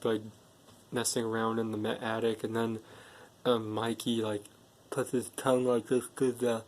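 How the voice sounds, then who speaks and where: A man's voice: medium pitch, flat delivery, normal speed. Man rambling through a movie recap. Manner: rambling plot retelling, strings clauses with "and then" and "like". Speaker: movie reviewer. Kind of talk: casual spoken movie recap.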